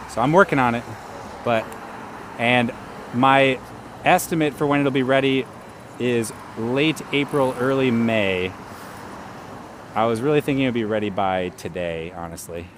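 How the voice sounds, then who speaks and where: Riding outdoors on a live stream, a man with a fairly low-pitched voice chats casually, laughing frequently and greeting his viewers. His bike's camera rig picks up a noisy background.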